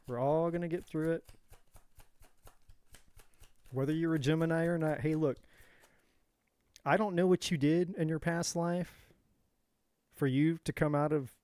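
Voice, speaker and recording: A man runs a casual live tarot reading in a voice pitched a bit above the usual male range. He rambles and jokes, drifts into side stories, and speaks straight to viewers by name. The sound is close and dry, with no room echo. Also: a little mellow. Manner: rambling and jokey, going off on tangents; addresses viewers directly by name. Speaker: tarot reader hosting a live stream.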